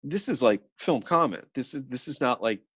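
A man's voice: medium pitch, normal speed, breathy edge, dry recording. Middle-aged man, podcast co-host, casual film talk, many restarts, dry close sound. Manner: animated, many restarts and quoted asides.

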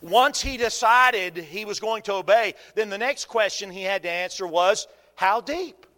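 Folksy high-voiced male preacher. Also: unhurried, in a large hall. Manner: folksy, animated preaching with humor and rhetorical questions. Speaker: pastor. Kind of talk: sermon.

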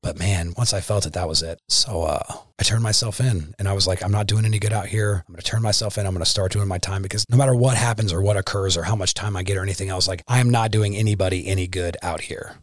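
A young man telling his own story as a personal testimony, candid and halting, filling his speech with "like" and turning quiet and earnest. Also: low voice, dry recording, clean studio sound.

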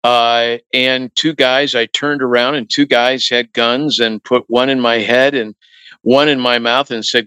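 A middle-aged male musician telling anecdotes in a relaxed interview, acting out what others said to him. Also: medium pitch, a little slow, clear, resonant tone, no room sound, low-quality recording. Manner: relaxed anecdotal, acts out quoted voices. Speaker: guest musician. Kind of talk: storytelling interview talk.

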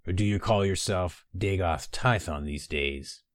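A man reading the part of a calm, gruff older general who growls his words. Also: low voice, unhurried, no echo, studio quality, voice pushed down. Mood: cool.

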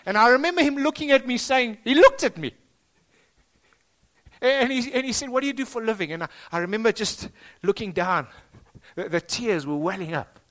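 South African male pastor, high-pitched, emphatic sermon delivery with repeated phrases. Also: expressive, fairly quick, pauses often, a bit bright. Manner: emphatic, rising and dropping for stress, repeats phrases. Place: school hall.

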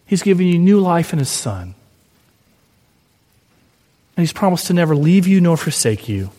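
Gentle preacher in a reverberant hall. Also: male voice, a little high, sing-song, normal speed. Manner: gentle, encouraging, repetitive lists. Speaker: pastor. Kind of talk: sermon with closing prayer.

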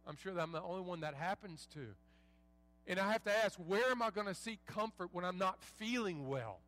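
A man preaching as a pastor, reading scripture and praying in an earnest, measured way with folksy asides, a bit under the weather. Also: high-pitched, lively intonation, fairly bright tone. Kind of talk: sermon with scripture reading and prayer. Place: church sanctuary.

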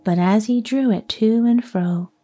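A woman narrating a classic children's story in a soft, partly whispered storytelling voice. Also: fairly high pitch, a little slow, soft background music.

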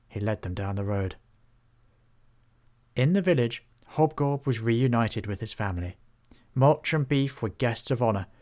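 A man narrating a children's fantasy storybook in a steady, even manner. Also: medium pitch.

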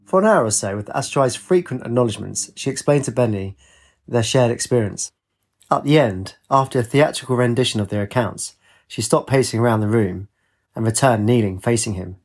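A man narrating a story in a steady, even reading voice. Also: mid-range voice, brisk. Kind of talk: audiobook narration.

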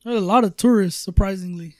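A man's voice: sits high, brisk, a little mellow, no room sound, clean studio sound. A man telling a travel story in casual podcast chat, rambling with lots of fillers and swearing. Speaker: storyteller guest.

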